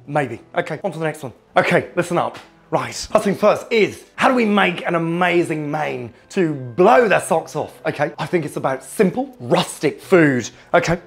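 A man impersonating a foul-mouthed, hot-tempered middle-aged celebrity chef. He swears constantly, keeps barking "okay?" and bursts into shouting. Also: fairly high pitch, vocal fry. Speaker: impressionist. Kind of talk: comedic cooking demonstration impression.

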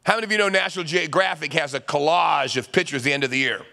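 A man preaching a sermon as pastor, dramatic, dropping to hushed whispers and then rising to loud urging. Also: on the high side, quick pace, vocal fry.

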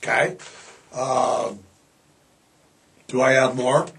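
A man's voice: medium pitch, steady tone, very slow, creaky, fairly bright tone, a little hiss or hum. A middle-aged man hosting a podcast in casual, rambling chat, slipping into playful put-on voices. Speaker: podcast host.

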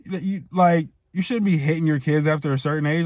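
A man's voice: a little high, fairly quick, hardly any pauses, a little mellow, no echo, clean studio sound. A man in his twenties casually telling a personal story, heated and profane, rambling with many fillers and restarts. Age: 20s. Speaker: storytime vlogger.

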